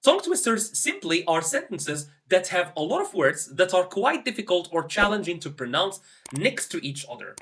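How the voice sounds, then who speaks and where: A man's voice: high voice, pushed and bright. A man teaching English pronunciation to camera, encouraging and demonstrative as he talks learners through exercises. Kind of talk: instructional talk to camera.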